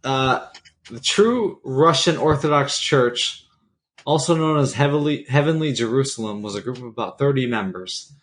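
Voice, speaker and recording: Male podcast co-host, casual rambling storyteller, deadpan humor. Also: mid-range voice, normal speed. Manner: loose, rambling, deadpan asides.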